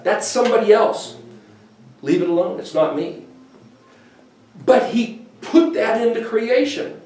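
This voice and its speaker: A man giving an informal, animated scripture teaching, acting out quoted voices as he goes. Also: sits high, a little hiss or hum. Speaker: bible teacher. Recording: echoey room, voice from a distance.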